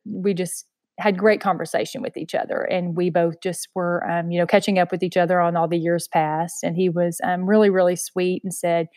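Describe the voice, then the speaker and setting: A woman's voice: lowish voice, flat delivery, normal speed, smooth, dry recording, studio quality. A woman with a Southern US accent, earnestly telling her personal story in an interview, with lots of "you know.". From Texas. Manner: soft-spoken, earnest, heavy use of "you know". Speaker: interview guest.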